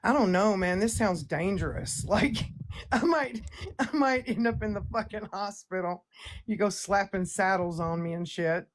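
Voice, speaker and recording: A woman's voice: mid-range voice, normal speed. A woman hosting a livestream chat, brash and profane, boasting and ranting in a casual way. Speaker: livestream host.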